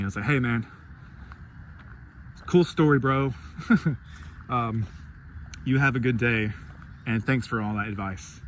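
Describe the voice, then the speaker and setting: A man's voice: medium pitch, a bit bright. Guy ranting about his day, swears a lot, acts out what he said, bit of traffic hum behind. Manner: rambling and profane, acting out his own reactions. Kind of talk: casual rant vlog.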